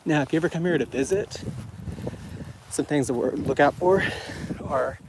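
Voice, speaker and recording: Slightly high in pitch and moderately paced, this Floridian travel vlogger and guide chats his way through a cold outdoor walking tour. He's winded from a hill climb and fills his talk with fillers and restarts, all on noisy outdoor camera audio.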